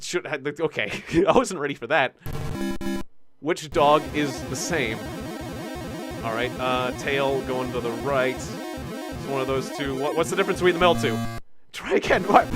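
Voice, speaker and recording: A man streaming a game live, talking nervously to chat with lots of stammered restarts and self-mocking laughs. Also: fairly high pitch. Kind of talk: live gameplay commentary. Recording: game music playing behind. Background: game music.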